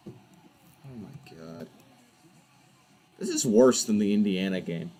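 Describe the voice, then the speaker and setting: A man's voice: on the low side, takes it slowly, pauses often. A young man hosting a football watch party, giving casual live commentary and ranting in exasperation at the referees. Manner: animated, exasperated ranting about refs.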